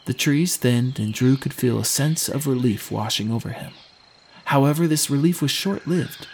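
A man narrating a fantasy audiobook in an expressive storytelling manner. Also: mid-range voice, a little hiss or hum.

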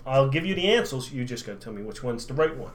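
A man's voice: medium pitch, animated, fast. A middle-aged man co-hosting a podcast, joking and asking quiz questions. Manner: joking, interjecting. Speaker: podcast co-host, quiz master. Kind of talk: casual chat.

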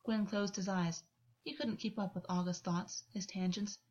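A woman reading a story aloud as narrator in an even, unhurried way. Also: mid-range voice. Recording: dull lo-fi recording.

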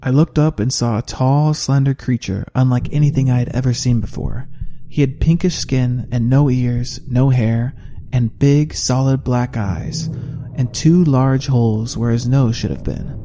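A man reading a fantasy audiobook in steady, measured first-person narration. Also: mid-range voice.

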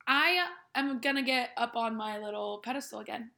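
Bright-voiced young woman co-hosting. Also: fairly high pitch, moderate pace, creaky. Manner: playful, laughs often. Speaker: podcast co-host. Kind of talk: casual chat.

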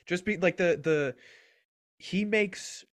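A man's voice: high voice, slow pace, no echo, studio quality. A man co-hosting a podcast, ranting bluntly and profanely in casual chat.

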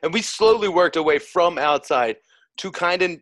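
A man's voice: high voice, lively intonation, normal speed, a bit bright, dry recording. A man co-hosting a casual chat, chiming in with laid-back agreement. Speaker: podcast co-host, band member.

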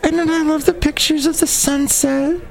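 A man voicing a swooning social media poster in a breathy high falsetto with drawn-out sighs. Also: steady tone, over a noisy crowd, low-quality recording. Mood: gushing.

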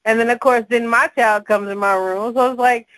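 A woman co-hosting a casual podcast, her voice pitched a little high and set close in a dry, dead-sounding space. She tells her stories with animation and laughter, as a frustrated mother would among friends. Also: steady tone, a little fast, a bit bright, no echo, rough recording. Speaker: podcast co-host. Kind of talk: casual chat.

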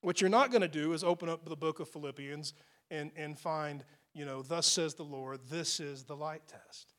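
A man's voice: a little high, normal speed, fairly bright tone. A man preaching a conversational, self-deprecating sermon that builds to emphatic peaks. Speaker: pastor.

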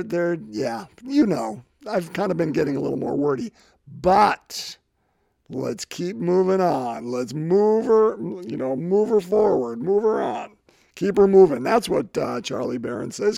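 A man's voice: sits high, gravelly, a little mellow, no room sound, clean studio sound. A male priest giving a homily, rambling and joking as he interrupts himself.

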